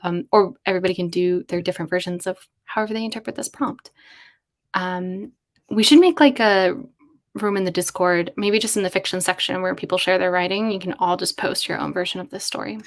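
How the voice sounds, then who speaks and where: Casual streamer, young woman, muses aloud, bursts of excitement, chatty. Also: fairly low pitch, brisk. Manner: musing, excitable, thinking aloud. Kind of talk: casual livestream brainstorming.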